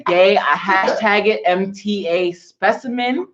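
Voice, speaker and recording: A brash, quick-witted woman from Brooklyn trading jokes on a casual podcast, laughing often. She sits back from the mic in a roomy space. The sound is dull and lo-fi, with clear background noise. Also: mid-range voice. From Brooklyn, New York. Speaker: podcast co-host. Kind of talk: casual chat. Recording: distant, roomy, lo-fi, noisy.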